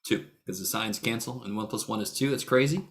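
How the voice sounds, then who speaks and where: A man's voice: lowish voice, a little fast, a bit bright, a little hiss or hum. A middle-aged man teaching a math class over a video call. He jokes, teases students by name and swears freely. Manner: joking, blunt, swears freely. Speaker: math instructor. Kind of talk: casual online lecture.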